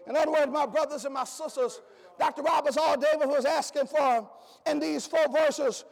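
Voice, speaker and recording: A man preaching an impassioned sermon in a church, shouting each phrase in a rhythmic cadence with an "uh" before many lines. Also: extremely high pitch, moderate pace, vocal fry. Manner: repetitive call-style cadence. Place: church sanctuary with congregation. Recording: echoey hall with faint congregation.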